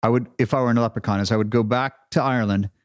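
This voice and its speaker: A man's voice: medium pitch, fairly even intonation, very fast. A man co-hosting a podcast, telling stories with a laugh and poking fun at himself in a casual chat. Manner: laughing, storytelling, self-deprecating. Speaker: podcast co-host.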